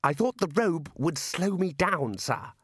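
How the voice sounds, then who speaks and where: A man's voice: fairly high pitch, very animated, unhurried, a bit bright, breathy edge, no room sound, voice pushed up, exaggerated voice. A man voicing a proper, earnest young male wizard who speaks politely.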